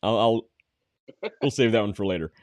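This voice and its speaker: A man co-hosting a podcast, joking around in casual banter with deadpan mock-serious news. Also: lowish voice, moderate pace, dry recording, clean studio sound. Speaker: podcast co-host.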